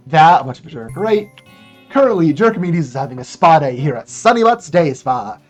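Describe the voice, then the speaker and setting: A chatty speedrunner talking through a live run, joking about the game's rules and plot while making moves. The delivery rambles and restarts casually, with faint game music playing quietly underneath. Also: medium pitch, very animated, moderate pace. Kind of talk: speedrun commentary.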